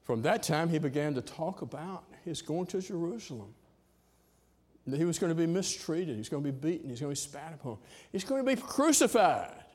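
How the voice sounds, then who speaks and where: A male preacher delivering a sermon in a slightly higher-than-average voice. He tells the story conversationally, pausing on hesitant fillers as he works through it. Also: sing-song, darkish tone, slightly rough.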